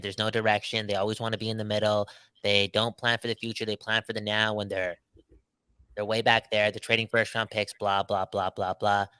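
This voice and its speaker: A man with a bright, forceful voice and a low pitch, chatting casually as a podcast co-host. He talks in an animated, slangy way. The sound is dry and close. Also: clear, resonant tone, no echo. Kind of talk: casual sports podcast chat.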